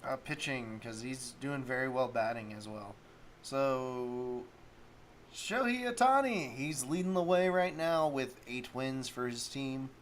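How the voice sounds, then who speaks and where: A man's voice: medium pitch, expressive, a little slow, a little hiss or hum. A man hosting a solo sports talk stream, rambling casually and thinking aloud while he looks up stats. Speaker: sports talk show host.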